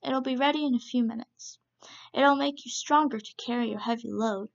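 A sly male rabbit from a children's storybook, polite and smug as he plots against his customers, read by a woman. The voice sits fairly high with a heavy gravelly crackle. The recording is dull and lo-fi. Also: moderate pace. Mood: courteous.

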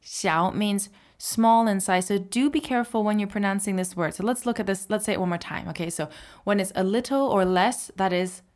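A woman's voice: mid-range voice, fairly quick, darkish tone. A woman teaching a language on a podcast, patiently explaining and often checking in with "right?". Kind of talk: podcast lesson.

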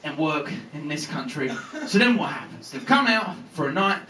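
A man's voice: a little high, big pitch swings, normal speed, sharp tone, reverberant, distant mic, low-quality recording. A man performing a live stand-up routine at a comedy venue, swearing freely and acting out the characters in his stories.

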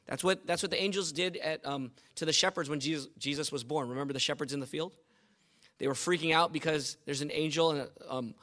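A man preaching a sermon to a congregation, his voice bright and sharp. He builds energy with rhetorical questions. His pitch sits somewhat high for a man. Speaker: pastor.

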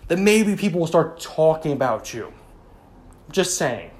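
A man with a slightly high voice recaps a wrestling show in a loose, rambling way. He sounds exasperated and keeps saying "like" and "you know" as he goes. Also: sing-song, measured pace, darkish tone. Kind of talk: casual commentary recap.

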